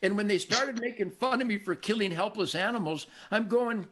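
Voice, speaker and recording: An older man from Michigan hosting a show, telling stories in a cocky, animated way and acting out the voices of people he quotes. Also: high voice, a little fast, few pauses. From Michigan, USA. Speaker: show host. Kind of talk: casual storytelling conversation.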